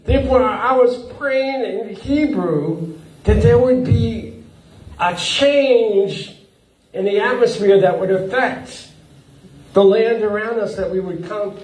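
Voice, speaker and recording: A man preaching a sermon as a pastor, animated, chuckling often and breaking up his sentences with uh and repeats. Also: high-pitched, takes it slowly. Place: church hall. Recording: echoey hall, from far off.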